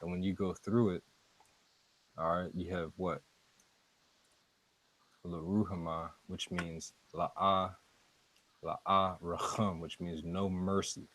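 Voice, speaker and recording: A man teaching scripture in a casual, halting way, going slowly word by word and often repeating himself. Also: low-pitched, flat delivery, a bit bright, low-quality recording. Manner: slow, halting, repeats words and fillers. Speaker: street preacher teaching scripture.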